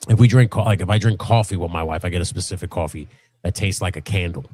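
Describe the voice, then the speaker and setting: In a dry recording with faint music playing, a middle-aged live-stream co-host speaks fast from his home workshop. His chat is casual and profane, rambling and lively, full of laughter and high-pitched voices acted out in his stories.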